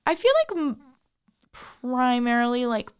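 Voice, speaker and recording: A woman musician talks casually as a guest in an interview. Her voice sits a bit high, and she fills her answers with hesitant ums and little laughs. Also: sing-song, unhurried, smooth. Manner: chatty, giggly, many hesitant fillers.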